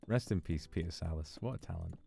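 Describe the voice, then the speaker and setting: A very deep-voiced man chatting on a livestream, his voice low and gravelly, with faint music playing underneath. He muses in a relaxed, unhurried way between donation thank-yous, recorded close on a desk mic. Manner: relaxed, musing, reads out donations. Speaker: streamer. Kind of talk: casual livestream chat.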